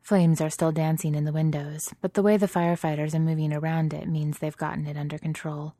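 A woman narrating a story in a steady, even reading voice. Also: low voice, a little fast, few pauses, dry recording, studio quality.

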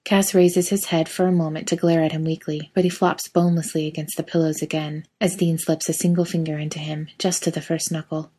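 A woman narrating a fan fiction story in a steady, intimate reading voice. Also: deep voice, brisk, hardly any pauses, slightly rough.

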